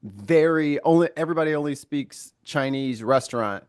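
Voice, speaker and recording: A man from the United States chatting casually on a podcast, rambling and animated, swearing freely. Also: fairly high pitch, moderate pace, clear, resonant tone, no echo, clean studio sound. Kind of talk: casual chat.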